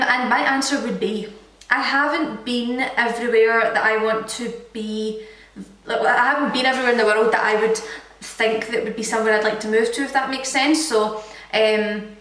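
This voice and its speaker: A Scottish woman in her twenties, who makes fitness vlogs, chats casually through a Q&A with plenty of filler words. Her voice is slightly high and a bit bright, and she is recorded from a distance in an echoey room.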